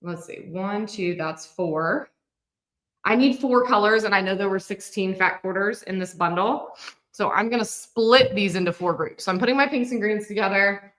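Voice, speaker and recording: A woman's voice: medium pitch, moderate pace, fairly bright tone. A woman, hosting a live-streamed quilting lesson in a chatty, upbeat way and walking viewers through each step. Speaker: quilting teacher and host.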